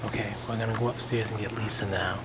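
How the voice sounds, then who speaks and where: A man's voice: lowish voice, fairly even intonation, fast talker, reverberant. Male ghost-hunt host, mid voice, matter-of-fact, hissy recording. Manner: plain, matter-of-fact, with some "uh" fillers. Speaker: lead investigator and show host. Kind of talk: ghost-hunt narration and wrap-up. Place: old theater.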